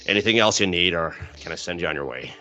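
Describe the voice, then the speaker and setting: A man doing a low grumbling zipline attendant. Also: expressive, fast, sharp tone, soft background music, heavily acted. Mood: advising.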